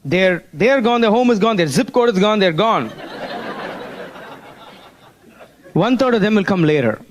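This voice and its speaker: A high-pitched man gives a motivational business seminar talk. He keeps prodding the audience with rhetorical questions and calls of "Hello?". He explains his points while sketching on a board. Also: lively intonation, slow, a little hiss or hum.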